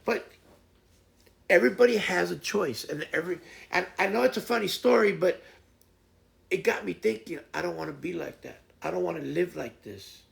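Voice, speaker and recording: A man's voice: high-pitched, moderate pace, vocal fry. A man hosting a casual morning stream, rambling through folksy stories and advice. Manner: rambling, folksy, retells stories with voiced quotes. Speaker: live streamer host. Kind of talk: casual morning chat and storytelling.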